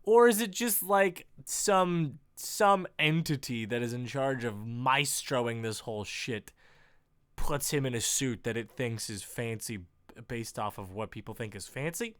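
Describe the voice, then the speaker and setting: A man reads a script aloud and riffs on it, often breaking into exasperated rants. His voice is bright and clear, and his pitch swings widely. The recording is dry and close. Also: expressive, a little slow, no echo. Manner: exasperated and ranting. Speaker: reader riffing on a script. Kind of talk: comedic script reading with commentary.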